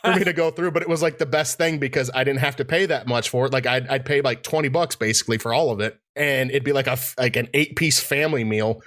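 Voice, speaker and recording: Here a podcast co-host with a medium-pitched, slightly bright voice talks fast, barely pausing at all. His casual chat rambles along with plenty of fillers and restarts.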